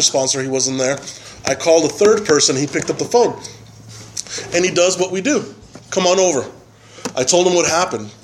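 A man giving a personal testimony at a recovery meeting, halting and full of fillers and tag questions. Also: on the high side, slight background noise, rough recording. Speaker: member sharing at a recovery meeting.

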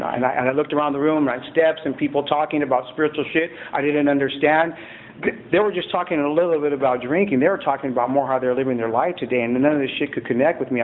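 Profane man telling a recovery story, tinny. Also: fairly high pitch. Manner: blunt, profane storytelling with many restarts. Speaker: recovery meeting speaker. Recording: tinny phone-like recording, faint room noise.

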